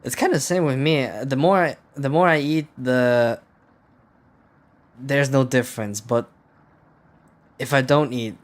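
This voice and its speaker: A man's voice: medium pitch, measured pace, pauses often. A man playing a video game, casually commenting and reading the game's text aloud, swearing often in a dry, sardonic way. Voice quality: profane, sardonic. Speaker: gameplay streamer.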